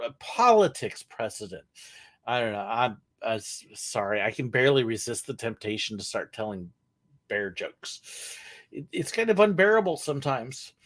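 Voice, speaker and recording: A man hosting a live question-and-answer stream, chatting casually and rambling a little, with corny puns thrown in. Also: medium pitch. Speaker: livestream host answering viewer questions.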